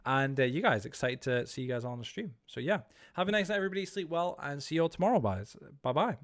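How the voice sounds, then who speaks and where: Fast-talking young man streaming. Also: a little high, expressive. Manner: rambling, reads chat aloud. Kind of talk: casual live-stream chat.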